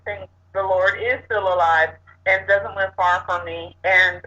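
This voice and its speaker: A woman talks casually as a co-host, telling a personal story with animation and laughter. Her voice is bright and forward, and the recording sounds dull and lo-fi. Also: mid-range voice, steady tone, unhurried. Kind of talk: casual chat.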